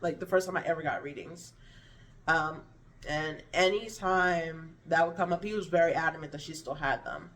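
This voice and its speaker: A woman's voice: low voice, moderate pace, a bit bright, far from the mic, a little hiss or hum. A woman speaking candidly to camera, her thoughts meandering and often trailing off before she restarts them. Her speech is a little slurred from hunger, with frequent swearing, and she sits somewhat back from the microphone. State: hungry, slurring words a little. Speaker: vlogger. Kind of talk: candid personal storytelling to camera.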